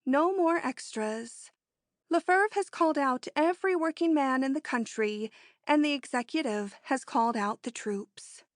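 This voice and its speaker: A woman voicing a bold, eager young heroine in an audiobook, brisk and quietly triumphant. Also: high voice, no room sound, studio quality, voice pushed up. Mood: calm. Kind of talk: audiobook character reading.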